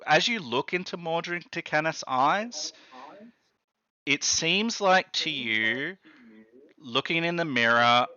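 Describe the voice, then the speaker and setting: Bright, clear-voiced game master. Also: male voice, medium pitch, highs cut off. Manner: hesitant, lots of ums and restarts. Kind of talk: narrating a tabletop game.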